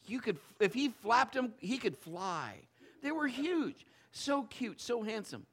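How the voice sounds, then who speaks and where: Man preaching, high voice that jumps all over, acts out the stories, sharp tone. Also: big pitch swings, slow. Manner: acts out stories, swings from hushed to shouting. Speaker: pastor. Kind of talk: sermon with personal storytelling.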